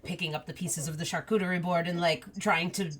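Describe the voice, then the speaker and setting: A woman narrating a tabletop game as game master, relaxed with many fillers. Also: on the low side, fairly quick.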